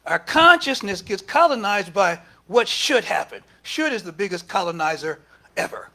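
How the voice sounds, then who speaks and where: A man's voice: sits high, sing-song, normal speed, sharp tone. A man giving a conversational sermon at a spiritual center, acting out quoted speech with emphatic rises and dropping at times to near whispers. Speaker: speaker at a spiritual center service. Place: church hall.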